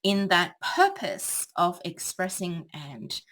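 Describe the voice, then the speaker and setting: Female tutor, lowish voice, unhurried, hesitant analytical explanation. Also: wildly swooping pitch, fairly bright tone. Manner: thoughtful, hesitant with many ums. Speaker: English tutor.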